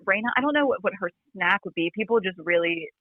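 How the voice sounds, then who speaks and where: A woman chatting as a podcast guest over a remote call, talking quickly with lots of "like" fillers and a fry in her voice. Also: mid-range voice, expressive, no room sound. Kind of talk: casual chat. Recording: phone-like remote line.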